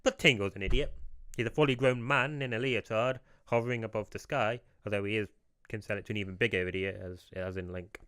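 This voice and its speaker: Podcast co-host, man, bright and forceful voice, rambling deadpan storyteller, dry sound. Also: fairly low pitch, quick pace, smooth, dry recording. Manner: rambling, crude, deadpan narration. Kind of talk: improvised comic storytelling.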